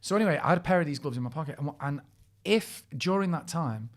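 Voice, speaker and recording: Fast-talking man telling stories. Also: a little high, animated. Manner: storytelling, laughs often, mimics people he quotes. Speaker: podcast co-host. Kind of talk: casual chat.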